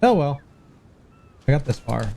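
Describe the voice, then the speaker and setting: Gravelly, excitable man streaming a game. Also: mid-range voice, a little slow, a little hiss or hum. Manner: excitable, yelps and pleads when in danger. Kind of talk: casual let's play chat.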